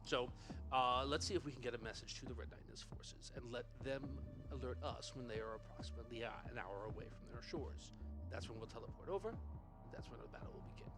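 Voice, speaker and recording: A man plays a tabletop game, talking in a jokey, animated way. His voice sits in a middle range for a man. Clear music plays under him throughout. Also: medium pitch, fast. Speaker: player.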